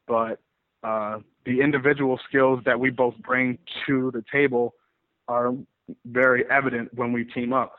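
A man who wrestles, telling stories in a rambling, animated way in a casual interview. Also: medium pitch, unhurried. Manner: rambling, animated storyteller with many restarts. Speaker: pro wrestler guest. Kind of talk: casual interview over the phone. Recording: tinny phone line.

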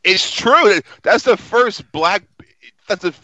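A man's voice: high voice, expressive, slow, bright, forceful tone, dry recording, dull audio. A man co-hosting a casual chat, blunt and teasing, swearing freely. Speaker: podcast co-host.

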